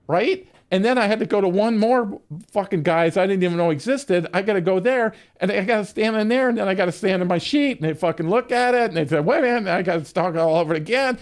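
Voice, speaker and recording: Profane rambling man with a high voice. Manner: profane, rambling, laughs often. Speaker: game streamer. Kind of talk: casual storytelling during a game stream.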